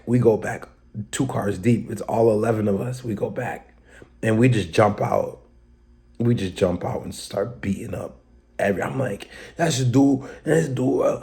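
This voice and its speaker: A man's voice: medium pitch, gravelly, a little mellow. A young man hosting a podcast, telling a fight story in casual slang and acting out quotes and sound effects. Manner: slangy, street talk. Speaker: podcast host.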